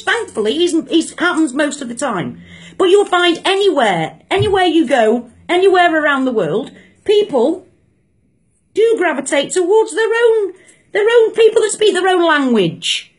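A woman delivering an angry opinion rant to camera, indignant and emphatic, repeating phrases for force. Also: high voice. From Britain.

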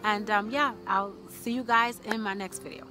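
A woman at a mid pitch talks straight to her viewers in a casual faith vlog. She is chatty and encouraging and leans on lots of fillers and restarts. Faint music plays softly behind her. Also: steady tone, normal speed. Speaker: vlogger.

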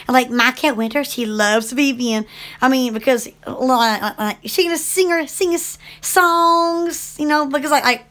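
Bubbly woman host, very high and bright voice, rambling and gushing live chat. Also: normal speed. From Alabama. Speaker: livestream host.

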